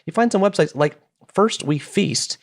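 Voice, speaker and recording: A man's voice: high voice, animated, normal speed. Guy doing his podcast from the basement, playful chatty tangents, voice jumps up and down a lot. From Canada. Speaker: podcast host. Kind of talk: solo podcast monologue. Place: home basement.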